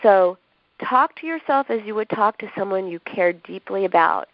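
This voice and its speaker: A woman's voice: mid-range voice, animated, normal speed, dry recording. Lady doctor guest explaining stuff on a podcast, dry close sound, kinda muffled. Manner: warm, explanatory, acts out quoted speech with laughs. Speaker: doctor and author, interview guest. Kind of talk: advice in a podcast interview. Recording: dull lo-fi sound.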